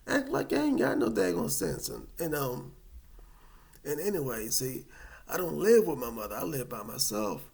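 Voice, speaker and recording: A man telling a personal story to camera in a casual, animated, rambling way. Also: mid-range voice, normal speed, creaky. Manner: animated, colloquial, rambling with restarts.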